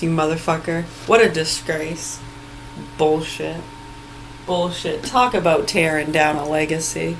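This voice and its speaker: A woman's voice: on the low side, steady tone, unhurried, a little hiss or hum, rough recording. Angry, profane woman ranting. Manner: mocking, with bursts of laughter. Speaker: vlogger. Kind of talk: ranting vlog monologue. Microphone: phone video recording.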